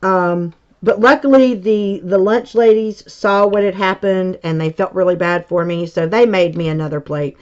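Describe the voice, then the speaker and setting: A woman and high school teacher chatting casually as she tells a story from her childhood, rambling and full of filler words. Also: moderate pace, hardly any pauses, a little mellow. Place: home crafting space. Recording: dull lo-fi recording.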